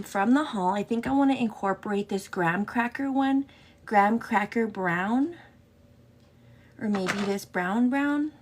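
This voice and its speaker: A woman's voice: mid-range voice, noisy background. A woman hosting a casual get-ready-with-me makeup show, chatting affectionately and greeting viewers in a sing-song way.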